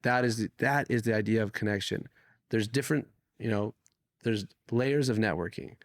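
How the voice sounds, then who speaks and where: A man from Canada talks through his stories as a podcast guest. His voice sits low and carries a rough, gravelly grain. He is animated and curses casually, and the dry sound leaves no trace of the room. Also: normal speed, no echo. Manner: animated, swears freely, acts out quoted people. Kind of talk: casual conversational storytelling.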